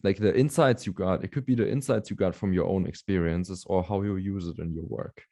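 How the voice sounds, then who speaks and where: Man, very deep voice, mellow, calm, meandering, host. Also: fairly quick, gravelly. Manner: calm, meandering, soft affirmations. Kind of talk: casual conversation.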